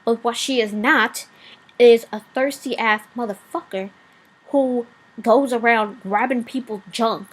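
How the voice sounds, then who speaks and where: A woman's voice: fairly high pitch, a little slow, husky, low-quality recording. A woman vlogger delivering a blunt, profanity-laced rant, rambling with asides and fillers.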